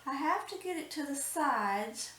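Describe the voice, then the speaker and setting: Woman, cooking host, high bright voice, chatty and delighted, echoey kitchen, mic set back. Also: animated, unhurried, distant mic, slight background noise. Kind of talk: step-by-step cooking demonstration.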